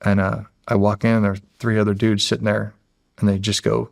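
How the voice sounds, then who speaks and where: A man's voice: lowish voice, level tone, fast talker, creaky, dry recording, studio quality. A middle-aged American man, a podcast guest, telling a long story in a rambling, casual way and acting out the quotes. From United States. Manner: rambling, acts out quotes, repeats "he's like".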